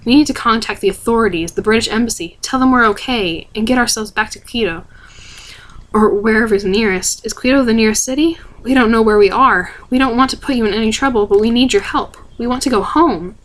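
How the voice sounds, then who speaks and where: A woman voicing a brisk, determined young girl in a soft ASMR book reading. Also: fairly high pitch, natural voice, rough recording.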